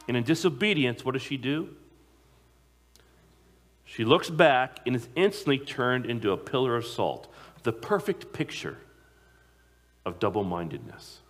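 A man preaching a sermon to a congregation, emphatic, slowing down to stress key phrases. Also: mid-range voice, a bit bright. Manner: emphatic, slows down on key phrases, occasional repeated words.

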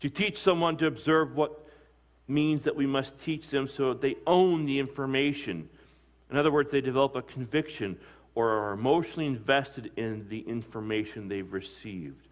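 A man, a pastor, preaching a sermon with emphatic delivery, asking his listeners questions and answering them. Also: medium pitch. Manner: emphatic preaching with rising and falling loudness, asks the congregation questions.

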